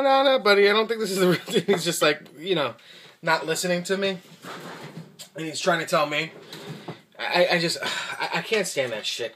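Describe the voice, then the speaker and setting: A man's voice: mid-range voice, a bit bright. A man telling a casual, profane story to camera, talking animatedly and imitating the people he met, with frequent restarts. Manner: many restarts and fillers. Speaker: vlogger reviewing rifle gear.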